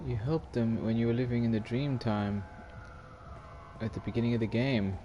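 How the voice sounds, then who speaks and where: A man playing a video game, talking quietly to himself and thinking aloud between moves. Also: medium pitch, steady tone, moderate pace, dull audio. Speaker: gamer. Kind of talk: let's play commentary. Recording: noisy home recording.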